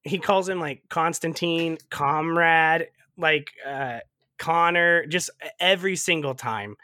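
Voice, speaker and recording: A man on a podcast recapping a movie in casual chat, telling it with lively energy, laughing often and swearing freely. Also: on the high side, takes it slowly, no room sound.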